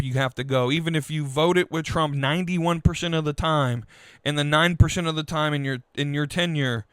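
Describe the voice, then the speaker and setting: A man hosting a podcast, venting in a frustrated, halting political rant full of restarts. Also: on the high side, a bit bright, clear, resonant tone, dry recording. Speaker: podcast host.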